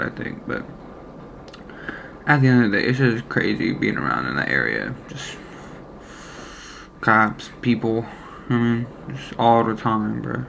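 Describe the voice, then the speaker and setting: A young man tells a story from his own life, in loose casual speech. He rambles, swears freely and leans on slang fillers, at an ordinary middle pitch. A faint hum of noise sits under his voice. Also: vocal fry, fairly bright tone. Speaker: former deli worker telling a story.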